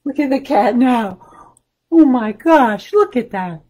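Woman reading a kids' book, lots of ups and downs, slow and high. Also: husky. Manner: animated, asks the children questions. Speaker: children's librarian. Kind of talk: reading a picture book aloud to children.

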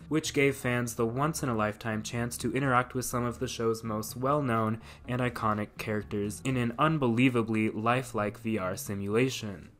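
A man's voice: medium pitch, fairly bright tone. A man narrating a scripted video essay, with dry sarcastic asides.

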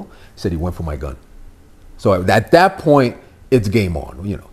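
A man's voice: low-pitched, moderate pace, breathy edge. A middle-aged man from Miami, of Cuban family, telling stories as a podcast guest in a loose, swearing style and acting out the voices. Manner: animated, swearing, acts out the voices in his stories. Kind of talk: casual storytelling chat.

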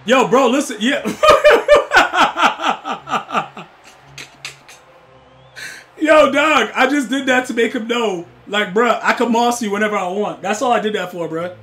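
High-voiced excitable male game streamer. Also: fairly quick, hardly any pauses. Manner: excitable, swears, loud outbursts at the game; teasing banter with chat. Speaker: gaming streamer. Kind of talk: live game-stream chat with viewers.

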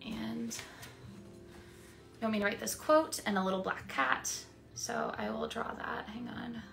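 A woman's voice: on the high side, steady tone, slow, gravelly, fairly bright tone, soft background music. A woman streaming casually, chatting with fans while she signs prints, with frequent ums and small laughs. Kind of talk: casual livestream chat.

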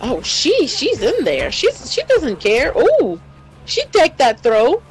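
A woman casts a fighting game stream in loose, hyped chatter. Her voice sits on the high side and her pitch swings widely. Faint music plays behind her. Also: slow, rough recording. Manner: excitable, laughs often, slangy hype. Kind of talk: casual esports commentary.

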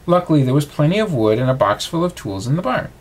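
A man reading a bedtime storybook aloud, with expressive reading. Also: a little high, fast.

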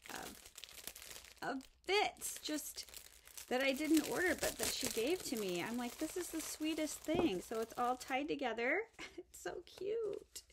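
A woman in a casual show-and-tell vlog, unpacking craft supplies at an unhurried pace. She gushes over every piece and slips into soft whispers. A faint hiss sits under the recording. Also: a little high. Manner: gushing, breathy, drops to soft whispers over items. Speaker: craft vlogger.

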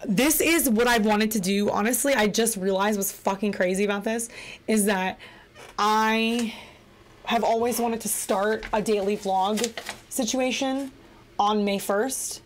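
A young woman talks straight to her viewers in a loose, chatty vlog. She rambles playfully and breaks into giggles, her voice sitting at an ordinary middle pitch. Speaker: vlogger starting a podcast. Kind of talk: casual chat to camera.

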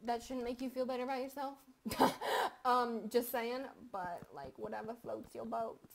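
Young woman, high voice, casual gameplay commentary, crude jokes, sudden loud outbursts, close mic. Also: steady tone, moderate pace, creaky, slight background noise. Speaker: gaming commentator.

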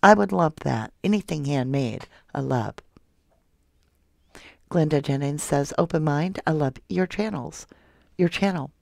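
A soft-spoken woman hosting a true crime livestream, reading viewer comments aloud and calling her viewers love and honey. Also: low voice, animated, measured pace, creaky, pauses often, no echo, studio quality. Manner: affectionate toward viewers, calls them love and honey. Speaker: true crime channel host.

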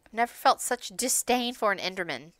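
A bright, clear-toned woman talks her way through a Minecraft session. Her pitch swings widely, jumping to sharp high yelps whenever something startles her. The chatter stays casual and playful throughout. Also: lively intonation, a little fast, no room sound. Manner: chatty, talks to herself and chat while playing. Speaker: Minecraft streamer. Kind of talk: casual gaming commentary.

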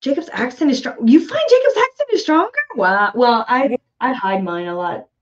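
A woman's voice: on the high side, big pitch swings, moderate pace. A woman in her forties with a Cajun accent, chatting in a laid-back, drawling way as co-host of a livestream. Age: 40s. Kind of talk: casual livestream chat. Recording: muffled lo-fi stream audio.

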